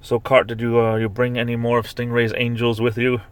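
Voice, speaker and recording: A man hosting a casual live stream, chatting with viewers and reading comments aloud. He rambles with fillers and restarts and jumps into high-pitched mock outrage when he rants. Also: monotone, brisk, clean tone.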